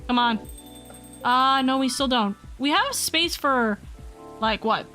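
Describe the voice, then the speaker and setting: A woman streamer, a little hoarse, chatting and reading game dialogue aloud during a live stream. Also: high-pitched, expressive, slow pace, pushed and bright. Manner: chatty, reads game lines aloud between asides. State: slightly hoarse, losing her voice. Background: faint game music.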